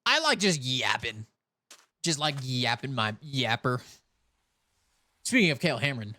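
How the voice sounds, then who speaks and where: A young man from California streaming a game, chatting in a rambling way and talking with a soft put-on Southern cowboy drawl. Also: medium pitch, very animated, a little slow, no room sound. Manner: rambling, chatty, self-interrupting. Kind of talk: casual live-stream chat while gaming.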